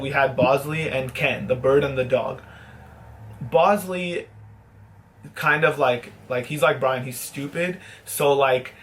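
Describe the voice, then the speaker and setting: A man's voice: medium pitch, a bit bright. A young man vlogging, telling a long casual story with swearing and mock-dramatic sad asides.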